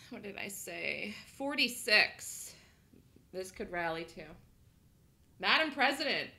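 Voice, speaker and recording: Woman trading-room host, very bright tone, lively pitch, casual chatter with laughs. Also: slow pace, gravelly. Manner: chatty, laughs often, thinks aloud. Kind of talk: live trading commentary.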